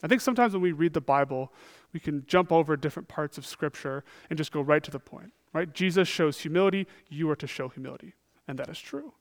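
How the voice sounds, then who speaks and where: A man preaching a sermon, earnest, often asking "right?" and moving between emphatic and hushed delivery. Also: fairly high pitch, quick pace.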